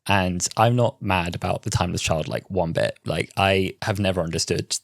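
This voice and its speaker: Deep-voiced young man, earnest opinions. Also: normal speed, gravelly, no echo, studio quality. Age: 20s. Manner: earnest, opinionated, thinks aloud. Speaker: podcast co-host. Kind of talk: casual chat.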